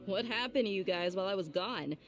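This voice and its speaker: A woman's voice: medium pitch, expressive, fast, soft background music, natural voice. An actress voicing a confident young swordswoman and mercenary in a video game, who speaks bluntly. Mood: steady. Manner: blunt and self-assured. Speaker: professional fighter.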